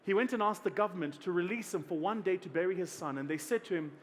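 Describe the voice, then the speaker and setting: Speaking fast with few pauses, a South African man delivers a keynote story with animated humor, often imitating other people's voices. He sounds fairly high for a man, and faint room ambience plus slight background noise sit beneath him.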